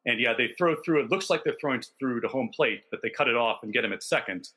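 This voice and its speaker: A man's voice: medium pitch, expressive, fast, sharp tone, breathy edge. A man co-hosting a casual sports podcast, telling stories in detail and backing them with statistics. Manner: detailed, enthusiastic storytelling with stats. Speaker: podcast co-host.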